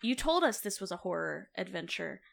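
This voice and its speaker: A woman playing a tabletop game, telling her character's story in an animated, expressive way. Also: mid-range voice, brisk, vocal fry. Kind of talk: casual chat and role-play storytelling.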